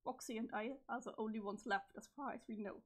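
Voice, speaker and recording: A woman reading the part of a calm, cryptic teenage boy from the future in a webcomic, in a flat, measured delivery with a strained voice. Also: on the high side, natural voice. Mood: deadpan. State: strained, failing voice. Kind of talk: reading a webcomic's chat logs aloud.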